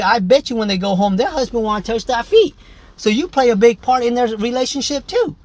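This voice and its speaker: A man's voice: very high-pitched, dry recording. A man, a nail technician giving a casual, joking tutorial full of profanity and constant "y'all". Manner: brash, joking, profane, keeps saying "y'all" and "okay". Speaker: nail technician teaching pedicure. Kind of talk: casual tutorial talk to camera.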